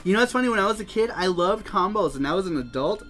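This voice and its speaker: A man's voice: sits high, animated, quick pace, fairly bright tone, soft background music. A man hosting a casual live stream, chatty and laughing often as he reads the chat aloud. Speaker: show host.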